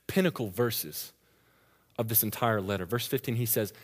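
Animated preacher in a big hall. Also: male voice, medium pitch, moderate pace, breathy edge. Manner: animated storytelling, laughs through the story. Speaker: pastor. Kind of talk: sermon with personal story. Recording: long reverb of a large hall.

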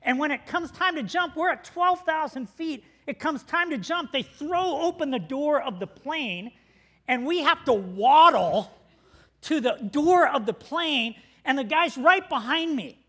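A middle-aged pastor preaching to his congregation in a high, bright voice. He tells a story, laughs along with it and shouts out the quoted lines. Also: lively intonation, measured pace. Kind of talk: sermon.

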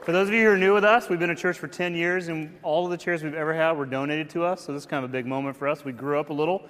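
Pastor, male, storytelling announcements, self-deprecating humor, slightly raised pitch, long reverb. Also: fairly even intonation, rapid-fire, fairly bright tone. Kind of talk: casual church announcements with storytelling. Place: church sanctuary.

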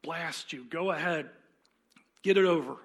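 A man's voice: high-pitched, normal speed, fairly bright tone. A man putting on a stammering, panicky male ghost. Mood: despairing. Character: frightened, whining male ghost clinging to his sin.

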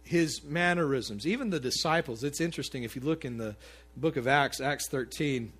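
A man preaching a sermon to his congregation in a conversational, animated way, with asides to the listeners. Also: medium pitch, normal speed, breathy edge. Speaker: pastor.

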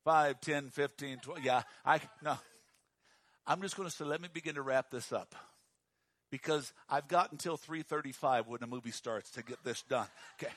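A man preaching a sermon in a dramatic style, dropping to a hush and then rising to a shout. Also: on the high side, moderate pace, no echo. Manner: dramatic, swings from hushed to shouting.

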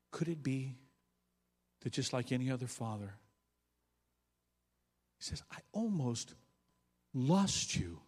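A male pastor preaching a sermon, swinging from loud bursts to quiet, low asides. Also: slightly rough. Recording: long hall reverb.

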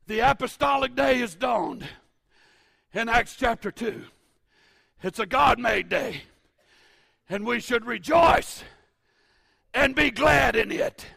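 A pastor in his fifties delivering a fervent sermon, moving between shouted declarations and quiet, joking asides. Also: very high-pitched, lively intonation, slow, gravelly, pauses often, husky, dry recording. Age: 50s.

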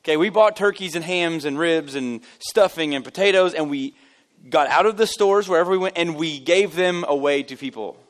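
A man's voice: fairly high pitch, normal speed. A man, the lead pastor, giving a casual, joking sermon to his congregation, telling stories and poking fun at himself. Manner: animated, joking, self-deprecating storyteller. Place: church service.

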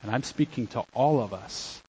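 A middle-aged man preaching a sermon as a pastor, swinging between loud exhortation and quiet, soft-spoken asides. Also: mid-range voice, normal speed, slight background noise, rough recording.

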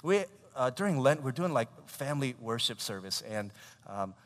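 A man in his thirties preaching a sermon, telling a family story in an animated way, with laughter and acted quotes. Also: medium pitch, normal speed. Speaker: pastor. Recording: long hall reverb.

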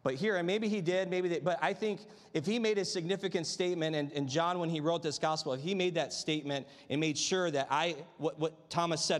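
A man delivers a sermon to a congregation in an easygoing, conversational manner, leaning on rhetorical questions to keep listeners with him. His voice sits somewhat high for a man, and his words ring out with the long reverb of a large church sanctuary. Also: normal speed. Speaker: pastor.

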